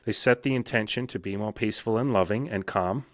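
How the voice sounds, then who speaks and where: Male coach, lowish voice, dry close mic; frank, profane, plays out inner voices. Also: a little fast, no echo. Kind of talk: casual interview talk.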